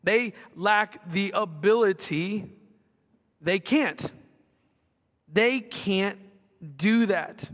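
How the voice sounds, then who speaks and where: Middle-aged male pastor, high and bright, chatty with self-deprecating asides, recorded in a reverberant gym. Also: very slow, long pauses. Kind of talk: sermon. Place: school gymnasium. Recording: long reverb of a gymnasium.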